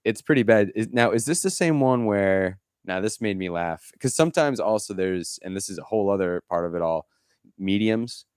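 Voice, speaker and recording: A man co-hosting a podcast rambles through stories in casual chat, with many fillers and restarts, and mimics people in quoted asides. His lowish, darkish voice is expressive, clear and resonant at a normal speed, recorded at studio quality with no room sound.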